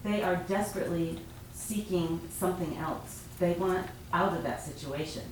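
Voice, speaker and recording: A woman's voice: on the low side, moderate pace. A woman who directs an animal rescue, speaking earnestly in a public comment at a city council meeting. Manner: earnest, pleading. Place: council chamber. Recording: echoey chamber, far from mic, faint noise.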